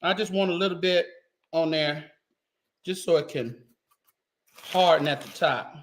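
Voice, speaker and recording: A man's voice: fairly high pitch, a little slow, a little hiss or hum. A man hosting a casual cooking livestream from a home kitchen, chatting straight to his viewers as he cooks and sometimes moving away from the mic.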